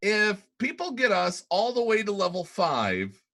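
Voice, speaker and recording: A man's voice: high-pitched, huge pitch swings, a little slow, sharp tone. A man co-hosting a casual podcast, stammering often and laughing a lot. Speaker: podcast co-host.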